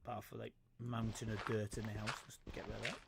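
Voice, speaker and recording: A man's voice: on the low side, flat delivery, fast, creaky, very noisy. A man giving casual gameplay commentary as a streamer, scolding game animals in a mock-stern way.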